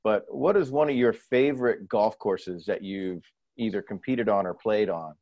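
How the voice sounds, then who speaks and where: A man's voice: fairly low pitch, moderate pace, a little mellow, dry recording. A man hosting a podcast, chatting casually and encouraging his guests. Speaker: podcast host. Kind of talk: casual interview chat.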